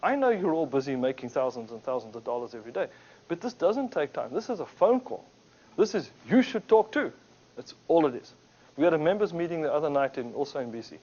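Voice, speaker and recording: Lively man telling business stories. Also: on the high side, fast. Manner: animated storyteller, acts out quotes. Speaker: speaker at a business talk. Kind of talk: anecdotal business talk. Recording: dull lo-fi recording.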